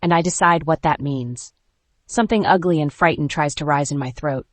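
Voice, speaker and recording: An audiobook narrator reads a first-person romance story at a mid pitch, measured and even, with short clipped pauses between phrases. The sound is close and dry, with no room around the voice. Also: no room sound.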